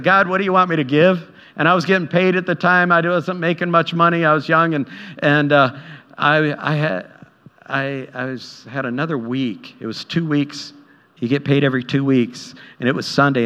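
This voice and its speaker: Preacher guy telling stories in his sermon, acts out the lines, bright punchy voice, muffled sound with long echo. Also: on the high side, steady tone, moderate pace. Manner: conversational, acts out quotes, chuckles at own stories. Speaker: pastor. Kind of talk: sermon with storytelling. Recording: dull sound with long hall reverb.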